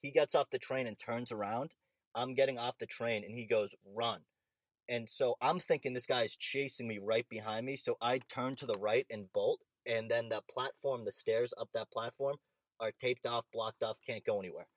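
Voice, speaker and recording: A young man telling an animated, profane story in casual chat. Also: mid-range voice, normal speed, no echo.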